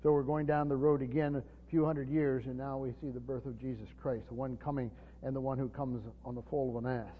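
A man preaching an unscripted Bible teaching in a church hall, halting and repeating words with many fillers. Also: mid-range voice, little pitch movement, a little hiss or hum. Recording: long reverb, dull lo-fi sound.

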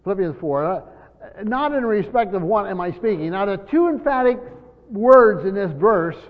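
Here a pastor whose voice sits high preaches expressively at a moderate pace, going through scripture verse by verse. He's earnest, repeats himself, emphasizes key words and voices imagined speakers, and the dull lo-fi hall recording carries long reverb.

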